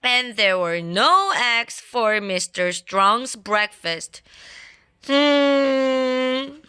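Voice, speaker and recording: A woman reading a children's storybook aloud in a playful, expressive way. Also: medium pitch, takes it slowly, clean tone. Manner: playful and expressive, adds sound effects. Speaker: storybook reader. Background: faint classical background music.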